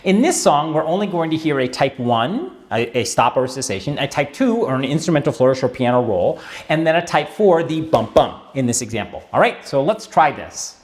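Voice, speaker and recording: A man's voice: fairly high pitch, sing-song, a little fast. A man teaching a tango music lesson in a chatty way, with wry asides and frequent "all right" check-ins. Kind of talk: instructional video lesson.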